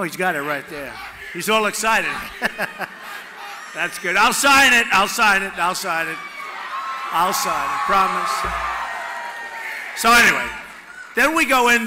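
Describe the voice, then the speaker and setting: A man giving a campaign rally speech off the cuff, repetitive and boastful, swinging from loud shouts to hushed asides at a podium microphone. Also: high-pitched, noisy background. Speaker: political candidate at a rally. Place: large rally venue with crowd. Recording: echoey rally hall with long reverb.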